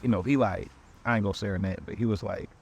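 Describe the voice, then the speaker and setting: A man hosting a podcast, telling a comic dating story in animated, slangy speech. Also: fairly low pitch, quick pace, vocal fry, breathy edge. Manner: animated, slangy, quotes people with voices. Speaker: podcast host. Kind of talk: comedic storytelling.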